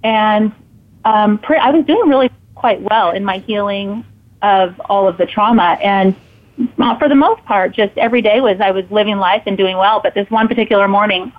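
A woman guest telling a personal story in casual conversation, animated and acting out her own thoughts in quotes. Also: medium pitch. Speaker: podcast guest and author. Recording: tinny phone-like line.

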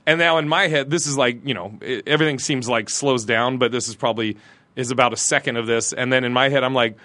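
A man, a comedian guest, telling an animated story, laughing through it and acting out the people in it. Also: medium pitch, quick pace, dry recording. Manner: laughs through his story, acts out quotes.

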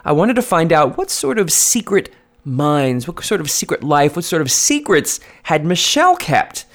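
A man hosting a podcast, introducing clips and interviewing a guest in a lively, animated way. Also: a little high, normal speed. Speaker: podcast host. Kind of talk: podcast countdown narration and interview.

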